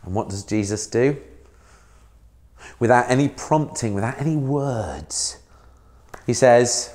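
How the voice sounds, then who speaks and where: A man's voice: mid-range voice, takes it slowly, long pauses, darkish tone. A man, a minister giving a sermon in a conversational way, asking the listener questions.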